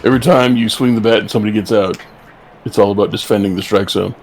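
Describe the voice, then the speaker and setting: A man's voice: fairly low pitch, steady tone, quick pace, soft background music. A man joining as guest co-commentator, bantering casually and teasing the host in a wry way.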